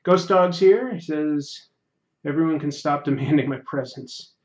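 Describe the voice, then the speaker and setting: A man hosting a drawing livestream, chatting casually and reading viewer comments, going quiet during fine detail work. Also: fairly high pitch, unhurried, lo-fi sound. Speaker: livestream host. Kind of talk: casual chat while drawing.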